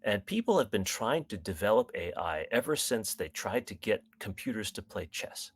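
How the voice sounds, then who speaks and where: Lively low-voiced man explaining. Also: moderate pace, breathy edge. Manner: enthusiastic, explanatory. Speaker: guest author, astronomer. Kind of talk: casual podcast chat.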